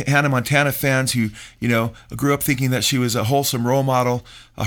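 A middle-aged male pastor hosts a radio talk show, preaching emphatically and calling his listeners folks. His voice is mid-range with a fairly bright tone.

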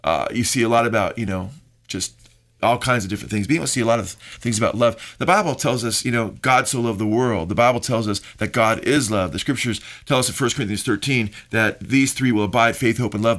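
A man's voice: medium pitch, a bit bright. A middle-aged man hosting a Christian radio talk show, speaking in an earnest preaching tone with many fillers. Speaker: radio show host and pastor.

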